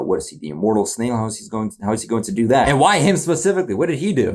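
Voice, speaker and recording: A man's voice: medium pitch, very fast, hardly any pauses. A man hosting a reaction video, talking casually in rambling bursts, with frequent laughs and confused exclamations. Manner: animated, rambling, laughs often.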